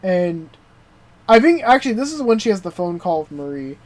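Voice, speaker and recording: A young adult man co-hosting a podcast, excitedly recapping a TV show in casual chat, full of swearing and "dude" and "like" fillers. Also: high-pitched, moderate pace. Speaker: podcast co-host.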